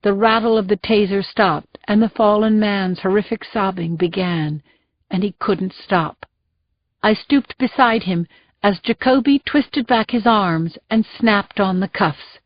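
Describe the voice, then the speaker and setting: A woman reading a first-person thriller audiobook in a tense, measured way. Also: mid-range voice, no room sound. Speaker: audiobook narrator. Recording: dull, dry studio sound.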